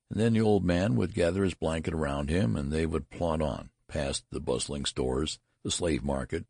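A man narrating a literary story in an expressive, theatrical reading. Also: very deep voice, moderate pace, gravelly, breathy edge, dry recording, studio quality. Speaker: audiobook narrator.

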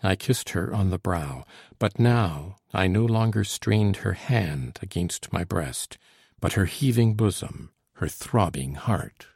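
Brief: low, gravelly male audiobook reader, measured and earnest, dry close mic. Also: animated, darkish tone, no room sound. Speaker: audiobook narrator. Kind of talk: scripted narration.

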